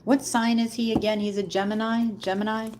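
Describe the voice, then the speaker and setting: A woman's voice: a little high, little pitch movement, a little fast, background noise. A woman giving a casual live tarot reading, chatting directly to viewers and calling them Queen. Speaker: tarot reader.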